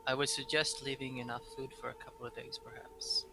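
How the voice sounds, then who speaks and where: A man's voice: medium pitch, flat delivery, quick pace, gravelly, sharp tone, breathy edge. A man playing in a tabletop game, talking casually and hesitantly with many fillers. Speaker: player.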